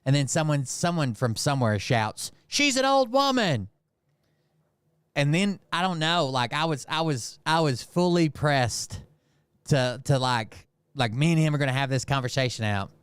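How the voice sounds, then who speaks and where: A man's voice: medium pitch, normal speed, smooth, no echo, clean studio sound. A man casually retelling a heated run-in with lots of swearing and filler words. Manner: profane, rambling, heated retelling full of fillers. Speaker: channel host. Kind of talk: casual storytelling.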